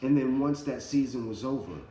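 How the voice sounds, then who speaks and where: A man's voice: mid-range voice, a little fast, mellow, roomy sound, a little hiss or hum. A man giving a casual motivational talk, telling his story with slang and swearing. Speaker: motivational speaker.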